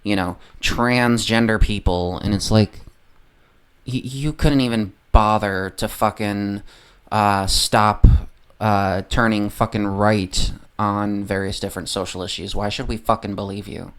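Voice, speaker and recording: A man's voice: lowish voice, steady tone, measured pace, a bit bright, clean tone. A man ranting about politics on a livestream, swearing constantly, rambling and often losing his train of thought. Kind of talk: profane political rant on a livestream.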